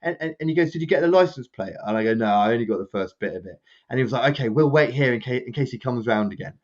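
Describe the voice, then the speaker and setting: Fast-talking Englishman telling a story. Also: highs cut off. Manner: rambling, animated, acts out quotes with raised pitch. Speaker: podcast co-host. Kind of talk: casual storytelling chat.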